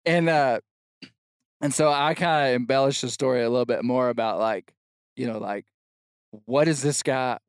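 Smooth-voiced man telling a story. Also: medium pitch, moderate pace, long pauses, no room sound, studio quality. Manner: animated storyteller, shouts quoted lines. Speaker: podcast host telling a story. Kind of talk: casual storytelling chat.

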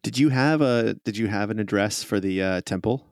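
A man's voice: lowish voice, moderate pace, clean tone, no room sound, studio quality. A man narrating as game master in a casual, plain manner.

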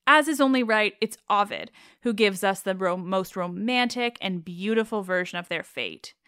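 A woman's voice: mid-range voice, moderate pace, a bit bright, clean tone, no echo, studio quality. A woman retelling an old myth in an informal way, openly enthusiastic and affectionate about her subject. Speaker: mythology presenter.

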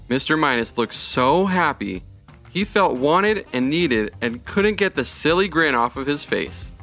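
A man reading a children's storybook aloud in a gentle, even manner. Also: on the high side, a little slow, creaky, soft background music.

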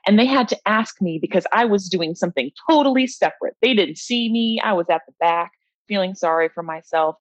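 A young woman who races bikes answers interview questions openly and reflectively, peppering them with "you know." Her medium-pitched voice moves a little fast, and the audio is dull, dry, lo-fi, with no echo.

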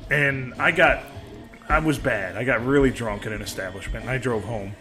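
A man's voice: mid-range voice, moderate pace, bright, forceful tone, faint music behind. A man in his thirties co-hosting a podcast, joking around and telling rambling stories in casual banter. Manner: jokey, rambling storyteller. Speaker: podcast co-host.

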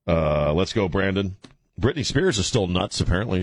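A radio talk show host runs a call-in program from a studio, trading mocking, irreverent banter and laughing often. His low, husky voice is animated and moves at a moderate pace, captured dry on a studio microphone.

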